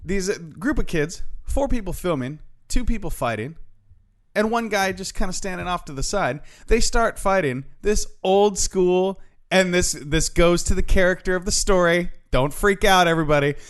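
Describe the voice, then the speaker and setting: A man's voice: high-pitched, normal speed. A man co-hosting a podcast, telling stories in casual chat and swearing a lot. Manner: animated storytelling, heavy swearing. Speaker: podcast co-host.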